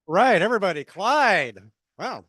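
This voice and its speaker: Guy hosting open mic in a cafe, lots of uhs, kinda high voice, dry. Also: very animated, sharp tone, dry recording. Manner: halting, many fillers. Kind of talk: event announcements. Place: small cafe.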